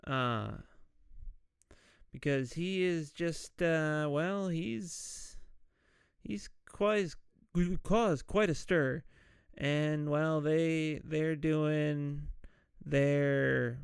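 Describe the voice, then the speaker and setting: Podcast host, male, slow and gravelly, acts out lines while recapping a film. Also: a little high, no echo. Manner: retells scenes acting out characters' lines. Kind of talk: casual movie recap.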